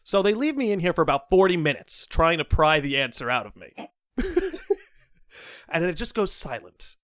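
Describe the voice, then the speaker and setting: A young man with a notably high voice hosts a casual podcast. He spins a story with animated, expressive energy. The sound is dry and close. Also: moderate pace, no echo. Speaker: podcast host.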